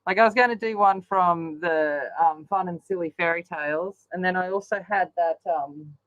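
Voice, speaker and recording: A woman's voice: fairly low pitch, moderate pace, a bit bright, dry recording, muffled recording. A woman chatting casually while she colours, rambling along with lots of ums. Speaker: colouring channel host. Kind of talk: casual chat while colouring on a live stream.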